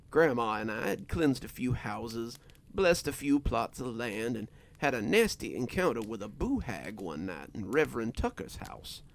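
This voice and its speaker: A man narrating a scripted horror story in a slow, deliberate storytelling manner. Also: medium pitch, gravelly, a little hiss or hum.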